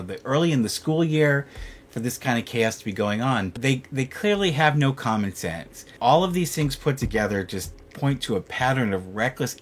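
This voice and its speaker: A man talking casually at home on his vlog about his rescue cats, chatty and repeating himself. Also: medium pitch. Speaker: vlogger and cat rescuer.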